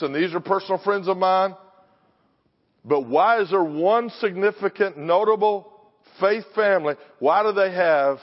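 An older man preaching a sermon in a punchy, confrontational style, pressing the congregation with questions. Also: high-pitched. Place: church sanctuary. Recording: dull sound with long hall reverb.

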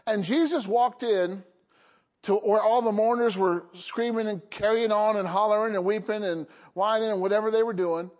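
High-voiced preaching man, lo-fi. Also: moderate pace. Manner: call-and-response preaching, frequent "Okay?" and "Amen?". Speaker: pastor. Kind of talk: sermon. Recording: dull lo-fi recording.

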